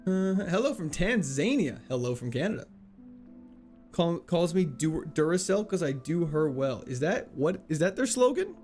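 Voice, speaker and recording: A man's voice: on the high side, big pitch swings, a little mellow, soft background music. A young man streaming a game, casually reading and answering chat in a playful, joking way. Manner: playful, chatty, quick laughs, jokey mock French.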